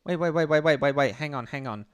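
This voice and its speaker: Man, livestream host, casual commentary, smooth clear voice, blunt, sardonic, swears, halting restarts. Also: fairly high pitch, no echo, highs cut off.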